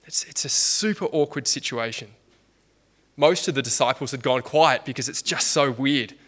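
Bright-voiced preacher in a sermon. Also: male voice, mid-range voice, moderate pace. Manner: conversational, frequent restarts and rhetorical questions.

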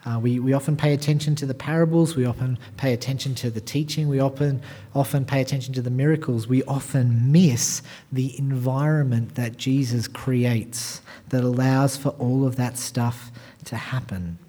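A man preaching a sermon as pastor, talking straight to his congregation and swinging from quiet asides to loud, emphatic passages. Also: medium pitch, fairly even intonation, moderate pace. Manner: addresses the congregation directly with rhetorical questions.

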